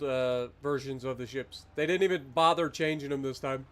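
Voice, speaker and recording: A livestreamer plays a farming game and chats casually with his viewers, rambling on and talking to chat as he goes. His mid-range voice holds a steady tone at normal speed, with hardly any pauses.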